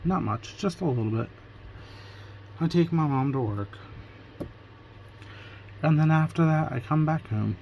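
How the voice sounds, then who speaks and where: A man's voice: a little high, expressive, a little slow, vocal fry, long pauses, muffled recording, slight background noise. A man vlogging casually from Pennsylvania, retelling his day through quoted back-and-forth conversations. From Pennsylvania, USA. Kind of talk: casual storytelling vlog.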